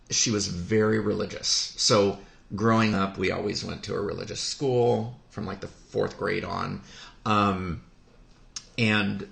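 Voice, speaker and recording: Man, slow unhurried delivery, heartfelt, halting with lots of pauses, echoey room. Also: fairly low pitch, gravelly, fairly bright tone. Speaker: guest telling a personal story. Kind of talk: podcast conversation. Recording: roomy echo.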